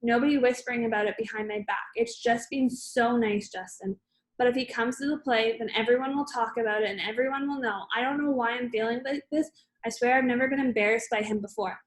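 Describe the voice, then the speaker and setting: A woman reading aloud, voicing a guarded teenage girl who speaks through tears, in a plain voice close to her own and a little high. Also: lightly acted. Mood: tearful. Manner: quick, defensive, then soft and tearful.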